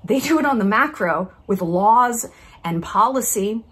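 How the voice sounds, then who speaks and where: A woman's voice: medium pitch, animated, a little slow, a bit bright, husky. A woman in her thirties hosting a casual talk video, brash and profane, dripping with sarcasm and mock-sweet patronizing asides. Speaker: YouTube commentary host. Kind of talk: casual monologue to camera.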